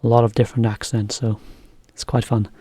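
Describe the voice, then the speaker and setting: Brief: male English teacher, casual chatty lesson, mellow tone, mid pitch, dry sound. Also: brisk, breathy edge, no echo. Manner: relaxed, chatty, explains as he goes.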